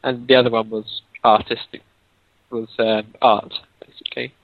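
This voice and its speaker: A man co-hosting a casual podcast chat, thinking aloud in halting phrases. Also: medium pitch, little pitch movement, vocal fry, dry recording. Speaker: podcast co-host. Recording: dull, dry lo-fi mic.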